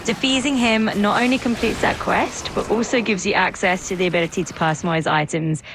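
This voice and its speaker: A woman's voice: mid-range voice, steady tone, fairly quick, over music. A text-to-speech woman's voice as an AI assistant, cheerful and agreeable, sometimes slurring its words. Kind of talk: upbeat chatbot replies.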